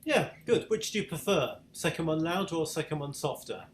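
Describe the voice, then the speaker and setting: A British man teaching piano in a patient, encouraging way, his voice sitting a little high. He comes through an echoey room on a video call, with piano sounds around his words. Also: animated, brisk. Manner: encouraging, patient, asks questions. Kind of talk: online piano masterclass.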